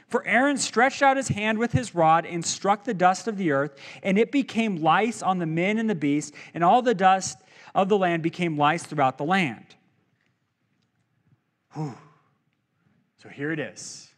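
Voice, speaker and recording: A male pastor preaching a sermon in a church, animated and jokey, acting out quotes as he goes. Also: high voice.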